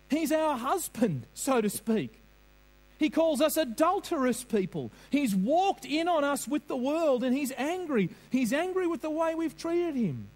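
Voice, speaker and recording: A man's voice: very high voice, low-quality recording. A man preaching a sermon, earnest and questioning, drawing on vivid everyday examples.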